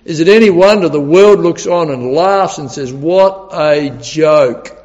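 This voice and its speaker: A man's voice: fairly high pitch, animated, normal speed, a little mellow. Male preacher, earnest and emphatic, repeats words for weight; dull recording with a hall echo. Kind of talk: sermon.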